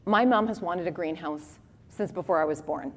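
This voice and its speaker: A woman in her forties giving a conference talk with animated, humorous storytelling. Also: on the low side, normal speed. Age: 40s. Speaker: conference speaker. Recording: long reverb of a hall.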